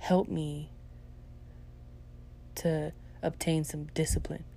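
Low-voiced woman host, blunt and profane, ranting in a casual monologue. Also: slow, vocal fry, slight background noise. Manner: blunt, heavily profane, swings into loud animated ranting.

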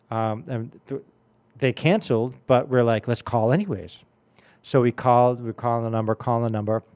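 A man in his late forties hosts a radio music show, telling stories in a rambling, casual style full of fillers. His voice is medium-pitched with a darkish, clean tone.

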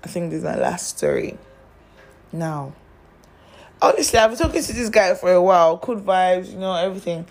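A woman's voice: on the low side, big pitch swings, normal speed, pauses often, a little mellow. A young woman telling stories in a chatty, exasperated storytime monologue, speaking straight to the listener.

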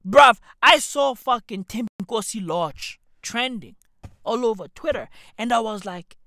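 A man ranting on his podcast, slow and drawn out, mocking and swearing, one question after another. His voice is bright and sharp, recorded close and dry. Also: high voice, animated, no echo. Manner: profane, mocking, repetitive ranting with rhetorical questions. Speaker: podcast host. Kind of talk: comedic podcast rant.

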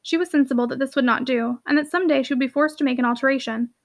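Woman narrator, high voice, fast, lively classic novel reading. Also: gravelly. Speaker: audiobook reader.

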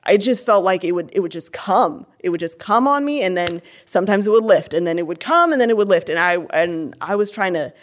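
Young woman, earnest and candid, mid-pitch conversational testimony. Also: expressive, fairly quick, few pauses, slight background noise. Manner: earnest, candid, many fillers and restarts. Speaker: interview guest.

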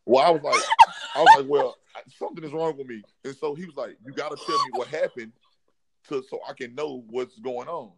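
A man's voice: medium pitch, a little fast, gravelly, very noisy. A young man guest on a podcast, telling a funny story with laughs along the way. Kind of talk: casual chat, storytelling.

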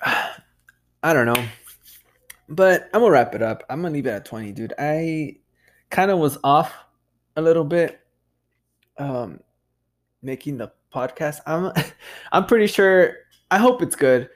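A man's voice: on the high side, lively intonation, measured pace, long pauses. A man hosting a casual solo podcast monologue, loose and profane, saying "dude" constantly and laughing at himself. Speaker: podcast host.

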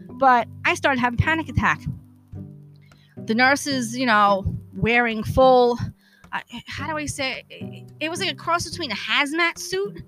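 A woman hosting a podcast, telling a personal story in a candid, profane, animated way, acting out the dialogue she quotes. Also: high-pitched. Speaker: podcast host. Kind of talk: casual storytelling monologue.

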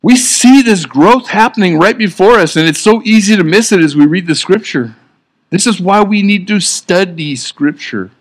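A man giving a sermon in an earnest, conversational way, often restarting his sentences. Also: sits high. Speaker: preacher.

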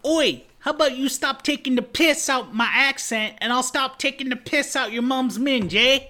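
A man voicing a cocky male nu metal singer with a Cockney accent, loud and swaggering. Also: very high-pitched, normal speed, voice pushed up. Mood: mocking. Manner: loud, swaggering, belted singing.

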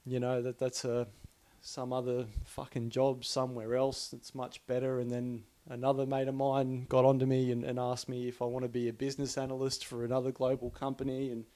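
A man's voice: mid-range voice, monotone, a little fast, few pauses, mellow. An Australian man ranting casually, profane and rambling, often restarting his sentences in exasperation. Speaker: podcaster. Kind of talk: casual rant.

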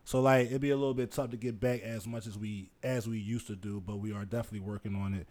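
A man hosting a podcast, bantering loudly and swearing freely with his co-hosts. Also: fairly low pitch, fairly even intonation, quick pace. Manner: loud, hyped, swearing freely. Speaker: podcast host. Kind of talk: casual profane podcast banter.

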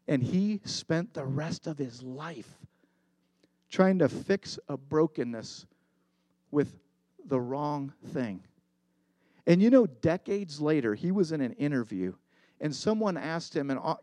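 A man's voice: on the high side, warm tone, no room sound. A middle-aged man preaching a sermon as pastor, earnest and confessional, telling a story with emphatic repetition.

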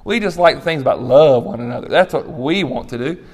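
A man's voice: on the high side, expressive, a little fast, darkish tone. A middle-aged man preaching a sermon as a pastor, conversational, with asides and light laughs.

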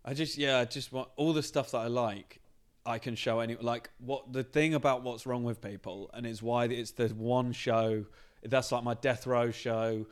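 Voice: medium pitch, fairly even intonation, normal speed, smooth. A non-binary comedian, a podcast guest in casual chat, talking thoughtfully with frequent restarts in a backstage green room. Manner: thoughtful, searching, many restarts.

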